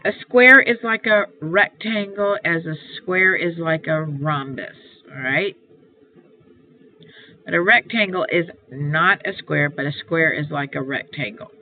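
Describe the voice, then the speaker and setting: A woman's voice: low-pitched, unhurried. Tinny-sounding woman teacher explaining homework. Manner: patient, repetitive step-by-step explaining. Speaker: math teacher. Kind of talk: homework walkthrough lesson. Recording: tinny phone-like sound, faint hiss.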